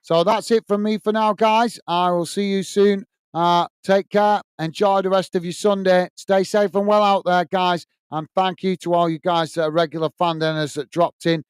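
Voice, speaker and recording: Chatty British man, high clear voice. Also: little pitch movement, normal speed, dry recording, clean studio sound. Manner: reads out viewer comments, many fillers, repeated friendly sign-offs. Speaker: livestream host. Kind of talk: casual livestream chat.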